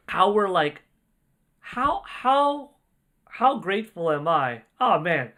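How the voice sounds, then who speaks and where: A man hosts a casual livestream, talking in an excitable, rambling way. His voice is bright and swoops widely in pitch. He speaks at an unhurried pace. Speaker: livestream host. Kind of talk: casual livestream chat, reading donations.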